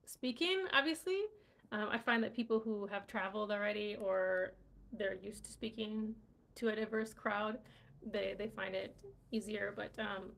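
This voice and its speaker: Chatty woman teaching English, gravelly. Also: mid-range voice. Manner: chatty, many fillers and tag questions. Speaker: English teacher hosting a live quiz. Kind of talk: casual live-stream lesson.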